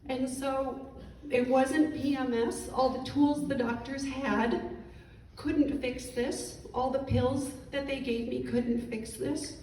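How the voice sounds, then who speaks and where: A middle-aged woman veteran giving an emotional personal testimony, halting and apologetic as she fights back tears. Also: high voice, fairly even intonation, darkish tone. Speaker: veteran speaker. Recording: echoey room, distant mic, faint noise.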